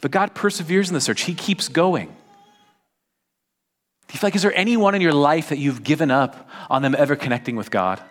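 A man's voice: on the high side, a little fast, few pauses. A man preaching a conversational sermon at a church service, chatty and informal, often tagging his points with "right?" and "like". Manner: chatty, peppers talk with "right?" and "like". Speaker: pastor.

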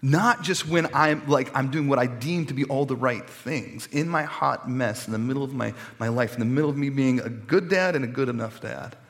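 Male pastor, 30s, heartfelt conversational sermon, mid-pitched voice, reverberant sanctuary. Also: moderate pace, few pauses. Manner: earnest, conversational with emotional swells. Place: church sanctuary. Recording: long church reverb.

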